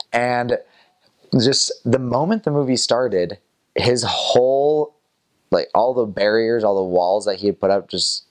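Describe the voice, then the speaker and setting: A young man casually telling a personal story about his missionary days, chatty, with frequent small laughs and fillers. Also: lowish voice. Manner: chatty, laughs often between phrases, fillers like "like" and "kinda".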